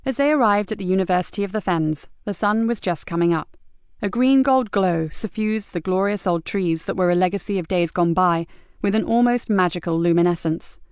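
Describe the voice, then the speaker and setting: A woman reading a crime novel aloud as audiobook narrator, even and clear. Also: mid-range voice, brisk, no room sound, clean studio sound. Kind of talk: scripted narration.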